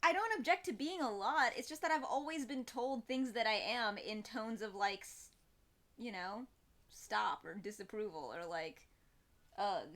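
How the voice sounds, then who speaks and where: A young woman streaming live, chatting in a rambling, expressive way to her viewers. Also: a little high, measured pace. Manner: chatty, rambling and expressive, with laughs and quoted voices. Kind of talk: casual live-stream chat.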